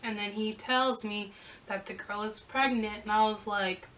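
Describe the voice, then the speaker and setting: A young woman vlogger telling a casual storytime, sassy and animated as she acts out the back-and-forth. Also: mid-range voice, a little slow, distant mic, slight background noise, rough recording.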